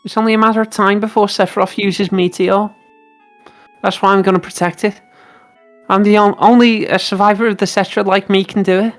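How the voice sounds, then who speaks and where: A performer voicing a gentle, determined young woman in a fan-voiced game playthrough, speaking softly and earnestly. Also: mid-range voice, level tone, brisk, faint music behind, natural voice. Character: gentle young flower girl, calm and determined. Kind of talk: fan voice acting over a game.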